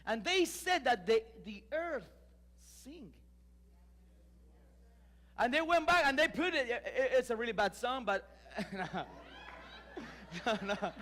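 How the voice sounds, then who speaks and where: A male pastor, preaching a lively sermon full of restarts and emphatic rises. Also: very high voice, takes it slowly, pauses often, long reverb tail. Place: church sanctuary.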